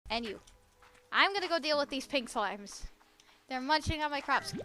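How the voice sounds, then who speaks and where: Bubbly high-voiced woman streamer. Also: normal speed, pauses often. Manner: excitable and giggly, talks to chat. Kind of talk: casual live-stream gaming chat.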